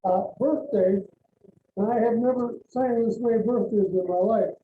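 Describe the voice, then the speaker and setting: At a club dinner meeting with members present, a man leads songs while joking and rambling casually. His voice sits high at a moderate pace with phone-quality sound, recorded from far off in an echoey room with crowd noise.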